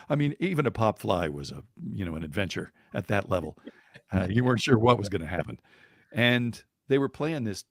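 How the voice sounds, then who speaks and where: A man telling a story on a podcast in a lively, chuckling way, with fillers and restarts along the way. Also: fairly low pitch, vocal fry, no echo, studio quality. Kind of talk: conversational storytelling.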